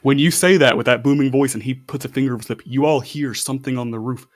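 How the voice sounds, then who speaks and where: A man's voice: mid-range voice, quick pace. A man narrating as game master of a tabletop game, in a loose, rambling way with fillers.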